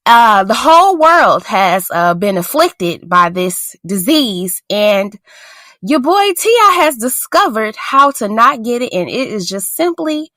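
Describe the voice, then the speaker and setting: A woman co-hosts a podcast in loose, casual chat, her bright voice swinging widely in pitch at an unhurried pace. She is blunt and sarcastic and laughs often, recorded close and dry with no echo.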